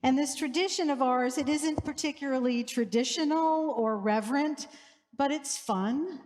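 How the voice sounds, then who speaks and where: A woman's voice: high voice, normal speed, a little mellow. A middle-aged woman priest from New Orleans, preaching a storytelling sermon with wry humor in a church. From New Orleans, USA. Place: church sanctuary. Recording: long church reverb.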